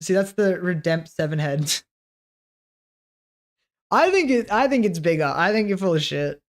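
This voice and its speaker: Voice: medium pitch, big pitch swings, unhurried. Streamer, casual chat to viewers, loose jokey swearing, mid-range voice, lots of chuckles. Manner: loose and joking, laughs often and swears; talks to self while working, trailing off mid-sentence. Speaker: livestreamer.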